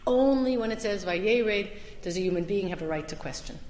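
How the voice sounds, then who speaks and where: A woman teaching a Torah class as a summer lecture, stressing some points loudly and dropping into quiet asides. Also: medium pitch, lively intonation, moderate pace. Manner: emphatic, swings between loud stresses and quiet asides. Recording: echoey hall with long reverb.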